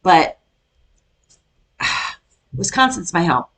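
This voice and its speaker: A woman's voice: lowish voice, big pitch swings, drawn-out words, a bit bright. A middle-aged woman from Iowa, chatting casually as she reacts to a video and rants with laughs. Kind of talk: casual chat reacting to a clip.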